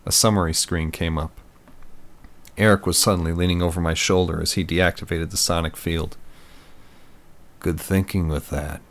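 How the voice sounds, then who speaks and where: A man narrating a first-person thriller story in a steady, measured reading voice. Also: sits low. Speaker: audiobook narrator.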